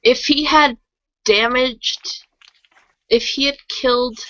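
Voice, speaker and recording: A woman co-hosting a casual book-club podcast, explaining her points deliberately. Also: high-pitched, a bit bright, muffled recording. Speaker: podcast co-host.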